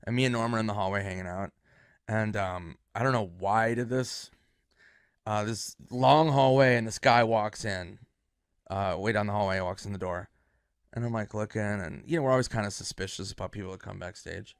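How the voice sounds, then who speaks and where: A man's voice: lowish voice, moderate pace, clear, resonant tone, dry recording, studio quality. A man, a comedian, casually telling a backstage anecdote with lots of fillers. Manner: lively anecdotal delivery with frequent fillers. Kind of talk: casual storytelling.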